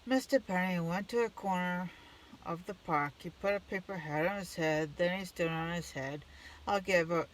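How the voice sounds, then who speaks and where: A storyteller reading a children's picture book aloud in plain, steady narration. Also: medium pitch, normal speed, a little hiss or hum.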